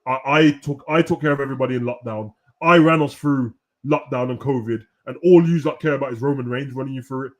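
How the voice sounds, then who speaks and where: A man's voice: medium pitch, fast, hardly any pauses, lightly acted. A man imitating an aggrieved male wrestler who complains that nobody cares about him since he lost his title. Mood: self-pitying.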